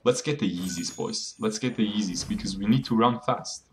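A man's voice: lowish voice, normal speed. A young man streaming a mobile game, bragging jokingly, laughing often and talking to his viewers as boys. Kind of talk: joking live gameplay commentary.

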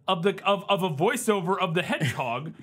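Lively, bright male co-host who mocks a bad movie. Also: high-pitched, a little fast, slightly rough. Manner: animated, exasperated, acts out scenes. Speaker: podcast co-host. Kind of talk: comedic movie-review chat.

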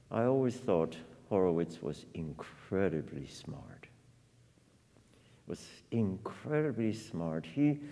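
A man's voice: low voice, creaky, mellow. A man in his fifties, a piano teacher giving a master class, telling stories in a reflective way with many fillers and laughs. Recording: reverberant hall.

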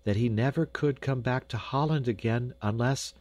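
A man with a mid-range, slightly mellow voice at normal speed plays a humble Dutch peasant mother. He pitches it a bit above his own voice, staying close to everyday speech, as she pleads earnestly and frets.

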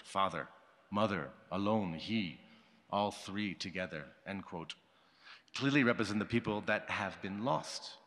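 A man's voice: on the low side, a bit bright. Man reading an academic paper. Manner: formal, measured delivery that marks quotations aloud. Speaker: conference speaker. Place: conference hall. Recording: long hall reverb.

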